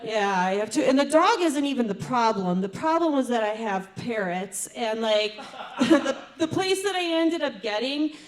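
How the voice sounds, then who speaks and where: A middle-aged woman performing a stand-up comedy set in a fairly high voice. She talks in a chatty way with quick asides and often laughs at her own jokes. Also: expressive.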